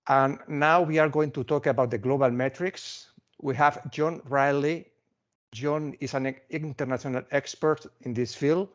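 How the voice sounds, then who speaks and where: A man presenting and moderating an online conference with a steady, deliberate delivery. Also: mid-range voice.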